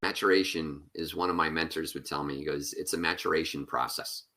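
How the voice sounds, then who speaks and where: A man speaking as a keynote speaker and author, giving a conference talk and telling stories in quick, animated bursts. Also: a bass voice. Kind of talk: conference talk over video.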